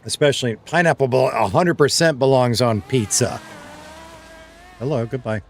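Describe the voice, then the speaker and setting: A man's voice: mid-range voice, normal speed, slight background noise. A man streaming a roleplay game, chatting casually with his chat and reading messages aloud. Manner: chatty, reads chat aloud, laughs easily.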